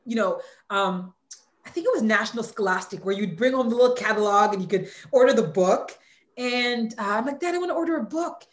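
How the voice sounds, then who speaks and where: Candid woman in her forties, echoey room. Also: mid-range voice. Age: 40s. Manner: candid and heartfelt, near tears at times. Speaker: author and former hurdler, guest. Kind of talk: emotional interview conversation.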